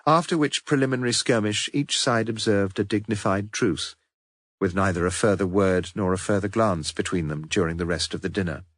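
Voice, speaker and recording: A man reading a detective novel aloud as an audiobook narrator, in a measured, dry storytelling manner. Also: lowish voice, no room sound. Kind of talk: scripted narration.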